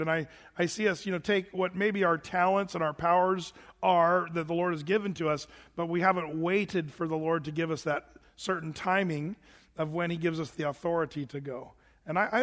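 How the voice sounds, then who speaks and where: A man's voice: high voice, fairly bright tone, long reverb tail. A man preaching a sermon to his congregation in a church sanctuary, talking casually with many restarts and fillers. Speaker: pastor.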